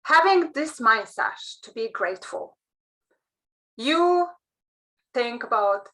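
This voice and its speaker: A woman's voice: fairly high pitch, takes it slowly, long pauses, low-quality recording. A woman giving a motivational career talk, telling stories and acting out the thoughts of the people in them. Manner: animated storytelling, acts out quoted thoughts. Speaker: career coach.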